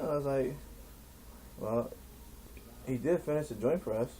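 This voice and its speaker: Laid-back stoner man, mellow voice. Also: medium pitch, moderate pace, slight background noise. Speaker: stand-up comedian. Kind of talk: rambling stoner storytelling.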